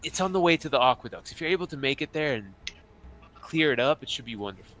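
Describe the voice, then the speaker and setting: A man's voice: mid-range voice, expressive, fast, a bit bright, close to an everyday voice. A man voicing a finely dressed male goblin lord with a pirate look, who is sly and scheming and keeps repeating his words. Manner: wheedling, repeats words, brusque insults.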